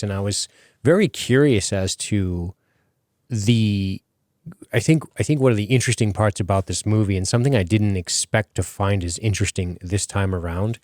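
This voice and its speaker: A man's voice: fairly low pitch, darkish tone, no echo, clean studio sound. A man hosting a podcast in casual chat, rambling with many fillers and casual swearing. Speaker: podcast host.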